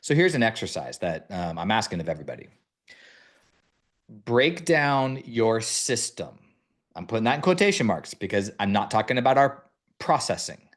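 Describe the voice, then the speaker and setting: A man's voice: fairly low pitch, very animated, moderate pace, a bit bright. A man hosting a mortgage-business podcast, coaching listeners step by step in an instructive way. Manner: instructive, lays out steps one by one. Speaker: mortgage branch leader and podcast host.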